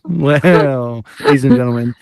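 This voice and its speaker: A man hosting a comedy talk show tells a rambling story in a plain, mid-pitched voice. He acts out the band's sounds. The sound is close and dry, with no room echo. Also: unhurried. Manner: animated, imitates band sounds and acts out quotes. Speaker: show host. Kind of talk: casual comedic storytelling to a studio audience.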